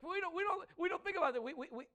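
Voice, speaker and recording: A man preaching a sermon with passion, moving between loud emphatic lines and soft, intimate ones, laughing between points. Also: very high voice, lively intonation, rapid-fire. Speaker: pastor.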